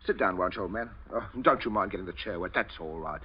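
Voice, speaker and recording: An actor playing a suave, chuckling father who calmly threatens a guest at gunpoint, in 1940s radio acting style. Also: low voice, quick pace, breathy edge. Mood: genial. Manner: cheerful, chuckling, suave menace. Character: genial menacing man, calm murderer. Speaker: father of the household. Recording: dull old radio recording, faint hiss.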